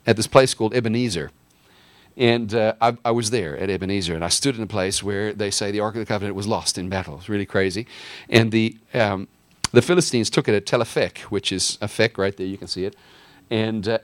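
A man's voice: lowish voice, dry recording. A man teaching a casual Bible lesson from a map in an enthusiastic, chatty way, with fillers and restarts.

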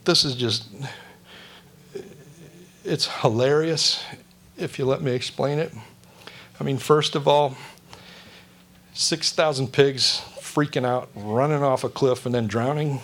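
A man's voice: medium pitch, slow pace, pauses often, a bit bright. A male pastor giving a conversational sermon, joking and asking the congregation questions.

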